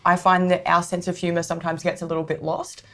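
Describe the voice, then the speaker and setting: A woman's voice: lowish voice, little pitch movement, fast, a bit bright. A woman with an Australian accent, co-hosting a podcast in casual chat, chatty and self-mocking with frequent laughs. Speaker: podcast co-host.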